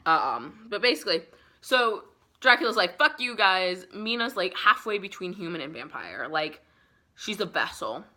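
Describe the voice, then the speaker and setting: A young woman with a rather low but bright, forceful voice chats through a book summary for her vlog. She rambles in a loose, profane, filler-heavy way. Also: sing-song, normal speed. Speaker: book vlogger.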